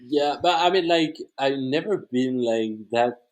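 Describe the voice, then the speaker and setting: A man from Switzerland, speaking English as an as a podcast guest in a relaxed, easygoing chat full of "like" and "uh". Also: medium pitch, a little slow, low-quality recording. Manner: relaxed, easygoing, repeats "like" and "uh" often. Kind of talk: casual conversation.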